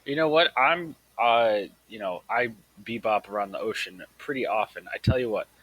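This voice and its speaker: A man's voice: fairly low pitch, normal speed, a bit bright, rough recording. A man playing a tabletop game in a breezy, laid-back way. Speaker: player. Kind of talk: tabletop role-play.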